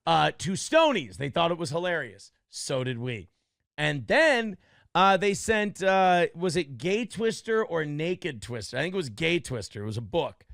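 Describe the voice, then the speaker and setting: A middle-aged man with a gravelly, fry-tinged voice sits a bit high for his register. He rambles through casual stories to his audience, slipping into quoted back-and-forth. The sound is dry and close, with no room around it. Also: sing-song, a little slow, fairly bright tone, no echo. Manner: rambling anecdotes, quoting others in conversation. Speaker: streamer host. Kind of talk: casual chat.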